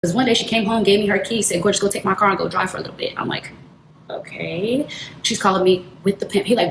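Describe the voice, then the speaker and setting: A young woman with speech tells a personal story at a rapid clip, slipping into the voices of the people she quotes. Her voice sits mid-range for a woman. She sounds roomy and echoey, with loud noise behind her. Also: mid-range voice, gravelly. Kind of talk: casual storytelling.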